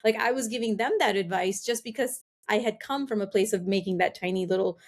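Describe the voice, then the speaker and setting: Speaking a little quickly in a mid-range voice, a middle-aged woman appears as a guest on a podcast. Her casual interview is candid and reflective, peppered with "like," and she voices her own past thoughts aloud.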